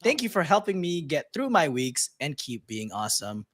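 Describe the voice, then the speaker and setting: A man's voice: a little high, very animated, moderate pace, fairly bright tone. A man co-hosting a live-stream podcast, playful and teasing as he reads listener messages. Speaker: podcast co-host. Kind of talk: casual live-stream chat.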